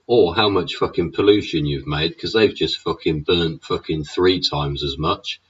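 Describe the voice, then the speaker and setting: Speaking at a moderate pace, this low, husky-voiced man hosts a show and delivers a ranting monologue full of profanity. "Innit" and "yeah" pepper his speech alongside nonstop swearing, all captured on a dull lo-fi recording.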